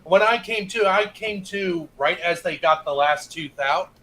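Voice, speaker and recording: A man with a high, bright voice tells a loose story on a casual stream, swearing freely and acting out what others said. A faint hiss runs under his voice. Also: measured pace. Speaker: co-host of a chill stream.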